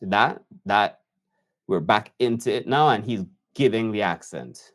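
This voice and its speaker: A man reacting to a video as an editor, unhurried and admiring as he talks through the choices. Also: lowish voice, lively intonation, fairly bright tone. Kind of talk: reaction commentary.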